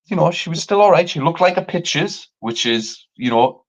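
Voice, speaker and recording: Speaking at a moderate pace, a lively male podcast host recounts a story in relaxed conversation, cursing often and voicing others with sharp leaps in pitch. His voice moves across a wide low-to-high range over dull, lo-fi stream audio.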